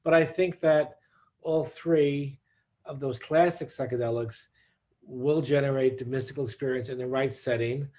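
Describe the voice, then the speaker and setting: A man answering on a discussion panel about research, thoughtful and halting, with many restarts. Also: mid-range voice, fairly even intonation, a little mellow. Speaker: psychedelic researcher.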